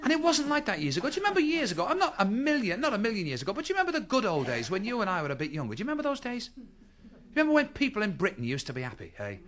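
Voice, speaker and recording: A middle-aged man works a live crowd in a stand-up routine. His voice sits high and leaps all over the place as he fires off one rhetorical question after another. The tone is bright and pushy. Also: huge pitch swings, rapid-fire. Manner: chatty, quips to the audience with rhetorical questions. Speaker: stand-up comedian. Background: audience laughter.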